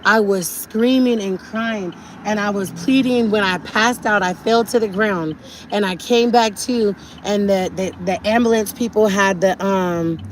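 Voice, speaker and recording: A woman's voice: mid-range voice, a little slow, slight background noise. A woman talking urgently and indignantly to her viewers on a live stream from a car, often repeating herself. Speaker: livestreamer.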